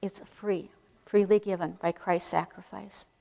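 A woman preaching a sermon in an earnest, emphatic way, slowing down to stress key phrases. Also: on the low side, fairly even intonation, creaky, big-room sound.

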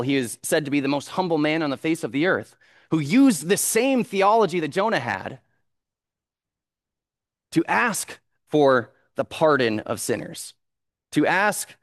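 Man, pastor, sermon, earnest, measured scripture reading, dry sound. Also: fairly high pitch, no room sound.

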